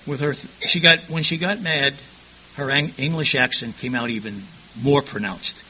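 Older man telling his story, bright-voiced. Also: mid-range voice, moderate pace, a little hiss or hum, poor audio. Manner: frank, rambling, stumbles and repeats words. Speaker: storyteller recounting his past. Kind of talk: personal testimony storytelling.

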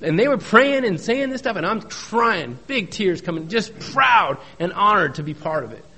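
Middle-aged man, recovery testimony, folksy storyteller, joking asides, slightly high voice. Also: animated, normal speed, bright, forceful tone, husky. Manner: repeats key phrases for emphasis. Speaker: speaker at a recovery meeting. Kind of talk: personal testimony talk.

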